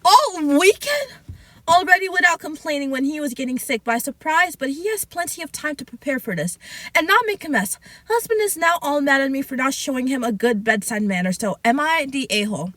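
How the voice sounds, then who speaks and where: A woman's voice: high-pitched, lively intonation, sharp tone, no room sound. A young woman hosting a casual podcast, reading online posts aloud and breaking in with sassy, scolding asides. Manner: sassy and chatty, scolding asides, drawn-out words. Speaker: podcast host reacting to online stories.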